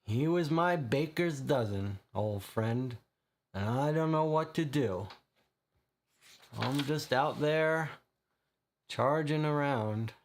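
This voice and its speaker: A man voicing a huge, burly male brawler who bellows in rhyming slang, loud but grieving. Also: medium pitch, takes it slowly, long pauses, a little hiss or hum.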